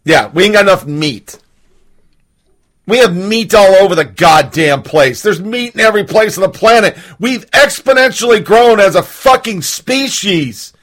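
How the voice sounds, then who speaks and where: Male host, a little high-pitched, profane and heated. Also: a bit bright. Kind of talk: casual political rant.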